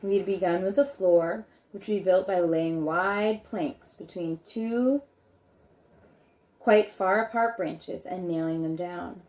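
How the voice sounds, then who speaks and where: Woman reading a storybook aloud, low voice. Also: slow pace, a little mellow. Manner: chatty asides between read passages. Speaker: reader of a children's book. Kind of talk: reading a book aloud with casual asides.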